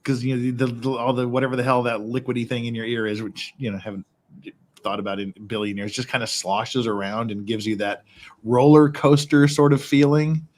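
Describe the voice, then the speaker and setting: A man's voice: medium pitch, steady tone, brisk, darkish tone. Man telling rambling stories casually. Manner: rambling storyteller, swears freely, laughs often. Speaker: livestream host. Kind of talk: casual chat. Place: his house in Korea.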